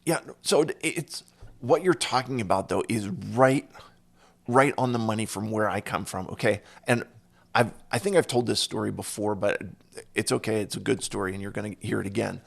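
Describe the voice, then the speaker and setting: A podcast host tells stories from his own life in a casual conversation, acting out other people's lines in lively quoted voices. His voice is on the low side and creaky, moving at a normal speed.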